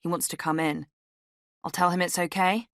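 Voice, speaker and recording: An offhand young French man, pushy and coaxing, as a woman reads him. The voice stays low and matter-of-fact. It is dry and close to the mic. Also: fairly even intonation, normal speed, no room sound, lightly acted.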